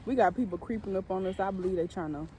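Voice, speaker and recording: A young woman chats casually outdoors as co-host. She is excitable and jumps into loud, high bursts. Her voice sits in a middle pitch, with a faint background noise. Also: quick pace. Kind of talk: casual chat.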